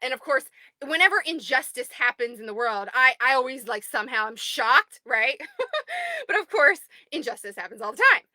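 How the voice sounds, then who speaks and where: A woman in her thirties, the owner of an online group, chatting excitedly on a livestream from home and greeting viewers by name. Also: high-pitched, moderate pace, dry recording. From United States. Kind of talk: casual livestream chat.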